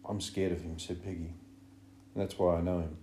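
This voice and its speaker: A man's voice: low-pitched, little pitch movement, a little fast, mellow, slight background noise, natural voice. A man reading an audiobook, voicing an anxious, fussy schoolboy who pleads earnestly. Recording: roomy echo.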